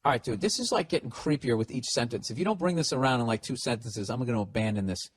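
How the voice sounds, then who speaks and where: A man hosting a podcast, reading listener letters aloud and answering them in a loud, profane, sarcastic comedic rant. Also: medium pitch, lively intonation, fast, few pauses, breathy edge. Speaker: podcast host giving advice.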